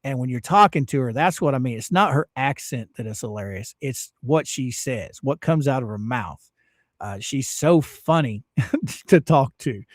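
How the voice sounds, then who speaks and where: A man's voice: medium pitch, moderate pace, no echo, clean studio sound. A middle-aged man hosting a casual livestream from home, reading chat messages aloud and laughing often. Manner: chatty, laughs often, animated rises. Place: home streaming setup.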